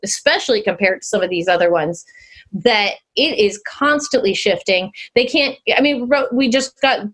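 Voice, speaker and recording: A woman's voice: mid-range voice, normal speed. Chatty woman on a podcast. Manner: animated, rambling, laughs often, swears casually. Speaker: podcast co-host. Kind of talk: casual chat.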